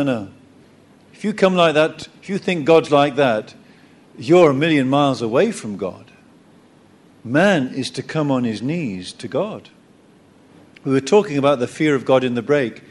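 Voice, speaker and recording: A man preaching a sermon in an animated storytelling way, repeating points for emphasis. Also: mid-range voice. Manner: animated storytelling, acts out quoted voices; emphatic repetition.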